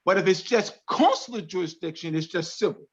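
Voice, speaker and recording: A man's voice: high-pitched, a little fast. A man teaching a class on a video call, speaking emphatically and repeating key phrases. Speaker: class instructor. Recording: dull lo-fi call audio.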